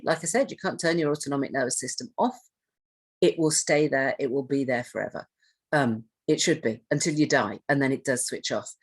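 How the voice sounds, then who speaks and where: A woman's voice: low voice, husky. A woman giving a conversational training presentation, asking her audience questions and restarting her phrases as she goes. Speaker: trainer on hoarding and self-neglect.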